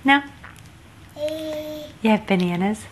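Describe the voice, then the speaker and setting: A woman talking to a toddler over a picture book, slow and coaxing, making animal sounds in a sing-song way. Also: mid-range voice, slight background noise. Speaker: parent.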